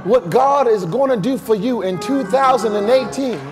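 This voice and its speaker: A man preaching a shouted revival sermon, calling on the congregation to repeat his lines. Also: very high voice, normal speed. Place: church service with a crowd. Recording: live church mic with music and crowd.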